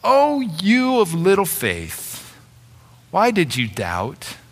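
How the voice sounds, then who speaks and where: A man voicing a calm teacher who gently reassures his frightened followers. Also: sits high, very slow, heavily acted. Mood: gentle. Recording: long hall reverb.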